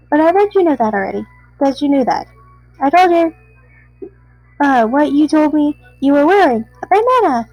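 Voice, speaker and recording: A woman's voice: high-pitched, darkish tone, dry recording, low-quality recording. A woman voicing a proud, goofy skeleton man in a video game, boasting emphatically.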